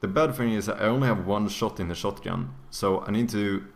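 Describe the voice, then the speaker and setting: A young man streaming video games live, swearing constantly and bursting into loud exclamations. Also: lowish voice, a little fast, gravelly, a little hiss or hum. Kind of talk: live-stream gaming commentary.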